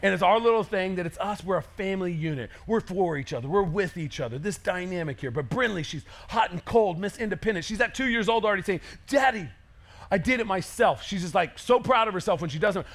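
A man in his thirties preaching a sermon as pastor, energetic and conversational, acting out quotes. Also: sits high, quick pace, hardly any pauses.

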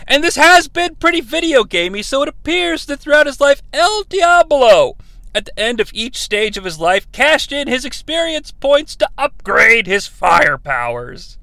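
A sarcastic man tears through a movie recap and jumps into mock voices for the characters. His voice sits high and sounds sharp and bright. The sound is dry and close, with no room around it. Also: very animated, normal speed, gravelly, hardly any pauses, no room sound. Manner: sarcastic, acts out characters' lines. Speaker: comedy podcast host.

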